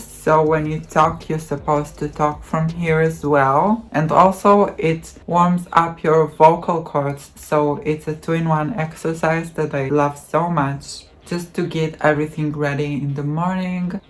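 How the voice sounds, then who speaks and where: A woman teaching voice exercises, demonstrating hums and counting in a slow, patient way. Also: low-pitched. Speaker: voice coach. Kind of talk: voice training tutorial.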